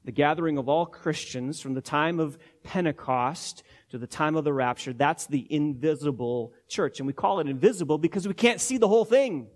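A man's voice: a little high, normal speed, few pauses. A man preaching an expository sermon as pastor, teaching emphatically word by word with frequent repetitions.

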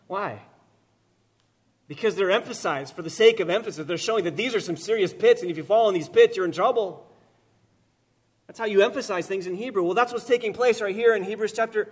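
A man preaching a sermon, swinging from loud emphatic repetition to quiet, slow lines, with touches of gentle humor. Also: high-pitched. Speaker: pastor.

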